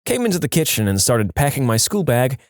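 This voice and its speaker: A man reading online stories aloud as the narrator, lively and animated. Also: medium pitch, brisk, no room sound, studio quality. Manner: animated reading, acting out quoted lines in raised voices. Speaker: story narrator.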